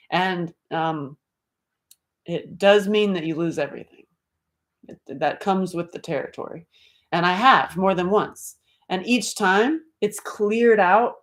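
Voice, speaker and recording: A middle-aged woman talks straight to her viewers on a casual livestream. Her voice sits a little low, and she is animated and blunt, swearing freely as she reads out comments. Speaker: livestream host.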